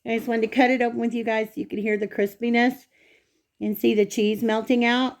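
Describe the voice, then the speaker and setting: A woman's voice: on the high side, flat delivery, fairly quick. A woman hosting a casual home cooking vlog in her kitchen, chatting straight to viewers as she cuts food open and tastes it.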